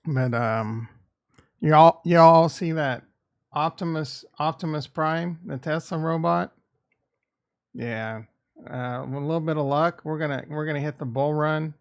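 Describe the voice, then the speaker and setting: Rambling and irreverent, a man from the Midwest muses aloud about markets on his casual crypto and stock livestream. He talks at a moderate pace, with a voice on the high side.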